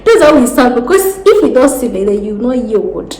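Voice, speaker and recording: A Nigerian woman with a Nigerian accent, giving casual job advice in a vlog, animated and laughing often as she talks with her hands. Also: on the high side, brisk. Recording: roomy echo with faint background noise.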